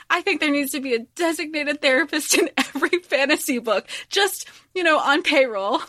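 A woman co-hosting a book podcast in casual chat, talking in halting bursts with frequent restarts and easy laughter. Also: high voice, expressive, pushed and bright, dry recording, clean studio sound. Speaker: podcast co-host.

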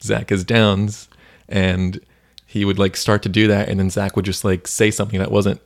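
A man's voice: lowish voice, flat delivery, normal speed, gravelly. A man co-hosting a faith podcast, chatting casually and retelling stories with many fillers. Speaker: podcast co-host.

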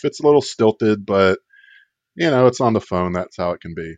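A man with a fairly low voice tells a comic story in a loose, rambling way, hedging with filler words and wry asides. The sound is dull and lo-fi, with a dry, close feel. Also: expressive, moderate pace, no room sound. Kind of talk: casual comedic storytelling.

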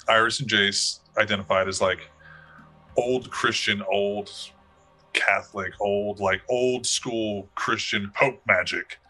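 A man's voice: lowish voice, sharp tone. A man running a tabletop game as game master, rambling with many fillers and restarts. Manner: rambling, hesitant, full of fillers.

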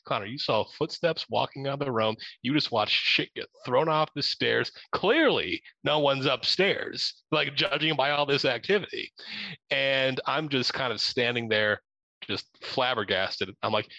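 A young man from Ohio telling a spooky story in a lively way, laughing and acting out his own lines. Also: mid-range voice, normal speed, gravelly, dry recording, dull audio. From Ohio, USA. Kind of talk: animated storytelling.

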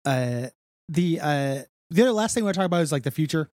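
Man in his forties, podcast co-host, casual joking chat, fairly high voice, close dry sound. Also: animated, fast, a little mellow, dry recording. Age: 40s. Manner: joking, profane, self-deprecating.

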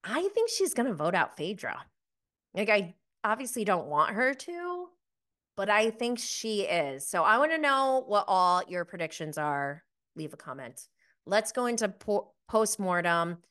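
A woman recaps a reality TV episode in a loose, gossipy way and laughs easily between points. Her voice is bright and sharp-edged, and her pitch sits in an ordinary middle range. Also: sing-song, unhurried. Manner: chatty, gossipy, laughs often. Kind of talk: casual episode review.

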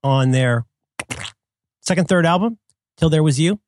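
A man's voice: fairly high pitch, measured pace, a little mellow, no room sound, studio quality. A man co-hosting a podcast in casual chat, playful and joking, often drifting into silly sung bits. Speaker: podcast co-host.

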